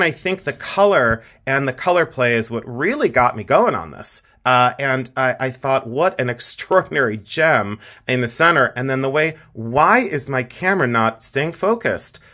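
Bright-voiced chatty man. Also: medium pitch. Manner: chatty, self-deprecating, laughs often. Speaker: jewelry collector vlogger. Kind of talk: casual show-and-tell vlog.

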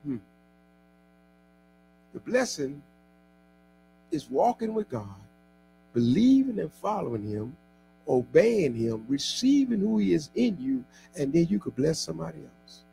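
A male pastor preaching a sermon, calling on the congregation to repeat after him and often shouting. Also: on the high side, very animated, measured pace, gravelly, pauses often, faint music behind. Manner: exhorting call-and-response preaching, often shouting.

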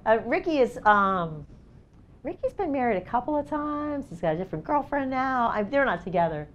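A middle-aged woman telling stories in a casual, chatty way at a seminar talk. Her voice sits a bit high for a woman, and she jumps into lively acted-out quotes, with lots of "like" and "you know" along the way. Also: normal speed, highs cut off, a little hiss or hum. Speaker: documentary photographer giving a seminar talk. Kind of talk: casual storytelling presentation. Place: seminar event space.

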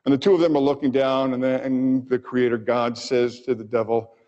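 Male doctor lecturing in an echoing hall. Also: mid-range voice. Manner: expressive, pausing for effect. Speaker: physician lecturer. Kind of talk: lecture with storytelling. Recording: dull audio with long hall reverb.

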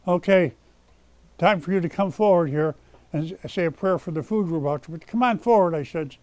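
A man preaching a sermon as pastor, swinging between loud scolding and hushed prayer. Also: sits high, a little fast. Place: rescue mission chapel.

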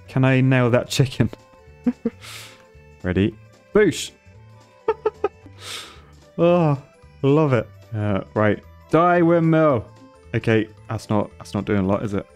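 A man's voice: mid-range voice, darkish tone. A man commentating his gameplay on a stream, thinking aloud and laughing often.

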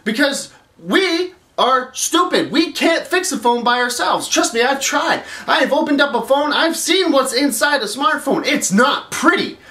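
A man's voice: very high-pitched, animated, measured pace, few pauses, bright, forceful tone. A man hosting a comedic rant vlog, exasperated and swearing as he complains. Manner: exasperated, profane ranting. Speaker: vlog host. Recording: roomy echo.

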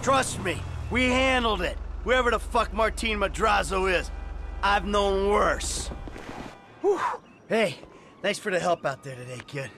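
A man playing a sarcastic middle-aged former criminal in a video game, given to sudden shouting rage. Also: high-pitched, animated, measured pace, creaky, soft background music, exaggerated voice. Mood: wry. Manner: sarcastic, swings into shouting fury. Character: middle-aged male ex-criminal, wry and volatile.

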